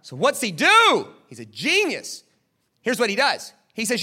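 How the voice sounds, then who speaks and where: Animated high-voiced preacher man. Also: a little slow, breathy edge. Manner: animated, acts out the people in the story; asks the crowd questions, then answers them. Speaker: pastor. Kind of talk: sermon.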